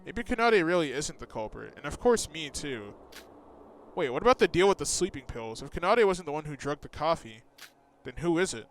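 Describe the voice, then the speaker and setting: Lively high-voiced man playing a game. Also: brisk, a little hiss or hum. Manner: excitable, swears, reacts loudly with laughter. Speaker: let's-play gamer. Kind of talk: gameplay commentary reading dialogue aloud. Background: faint game music.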